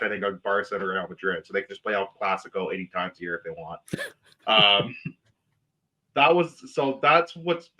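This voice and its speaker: A man talking on a casual podcast in a bright, forceful voice that sits a little low. He is blunt and opinionated, and he swears freely while laying out his argument. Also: highs cut off. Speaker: podcast co-host.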